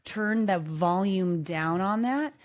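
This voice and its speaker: A woman in her thirties co-hosting a podcast, telling a story with animated acted-out voices. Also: medium pitch, takes it slowly. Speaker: podcast co-host. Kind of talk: casual chat.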